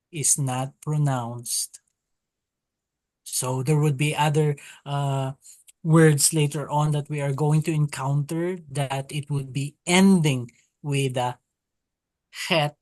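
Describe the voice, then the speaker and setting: A low-pitched woman leads an online Hebrew class, speaking very slowly and carefully as she drills syllables aloud. Her voice is dry, with hardly any room sound, over a video call. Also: no room sound. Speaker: Hebrew teacher. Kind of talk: online language lesson.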